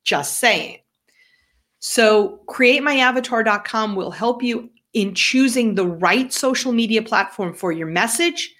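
Slow-paced New York woman cohost. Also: fairly high pitch, animated, a bit bright. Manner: direct, instructive, coaching tone. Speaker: podcast co-host. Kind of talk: podcast chat giving business advice.

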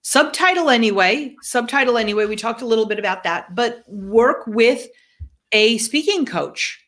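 A woman's voice: fairly high pitch, expressive, moderate pace, fairly bright tone. A woman with a New York accent co-hosting a podcast, giving direct coaching advice in a casual chat. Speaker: podcast co-host.

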